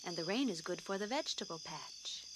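A woman voicing a calm, easygoing busy man in a bedtime storybook, in a plain, unhurried way. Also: lowish voice, noisy background, natural voice. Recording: crickets chirping behind.

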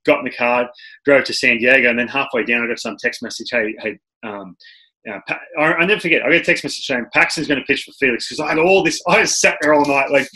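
A man's voice: mid-range voice, fast. A man with an Australian accent hosting a casual interview and telling stories animatedly, often restarting his sentences. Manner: animated storyteller, many restarts. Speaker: podcast host and former pitcher.

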